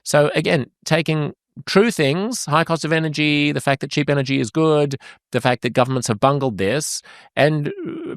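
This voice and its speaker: A man's voice: medium pitch, vocal fry, no echo, clean studio sound. A male host giving analytical commentary, methodically laying out his points one by one.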